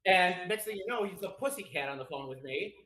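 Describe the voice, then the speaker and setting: Man, somewhat high voice, animated rambling storyteller, roomy echo. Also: fairly quick. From Chicago. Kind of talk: casual chat.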